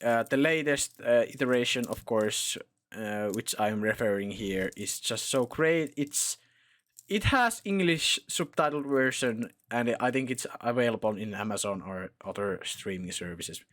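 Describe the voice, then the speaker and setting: Podcast dude, slow and hesitant, dry humor. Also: male voice, mid-range voice, expressive, fairly bright tone. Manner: hesitant, many fillers and restarts, dry jokes. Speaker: podcast co-host. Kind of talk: casual chat.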